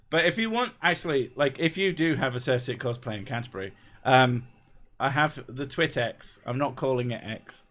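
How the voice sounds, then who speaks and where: A man's voice: mid-range voice, expressive, moderate pace, fairly bright tone. Laid-back, sweary man streamer. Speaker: YouTuber reading live chat. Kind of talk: casual live-stream chat.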